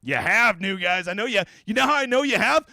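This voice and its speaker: A man's voice: high voice, expressive, a little fast, creaky, pushed and bright, no echo. A man hosting a fantasy golf livestream in a casual, profane, ranting way, with brash jokes aimed at his viewers. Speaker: daily fantasy golf streamer.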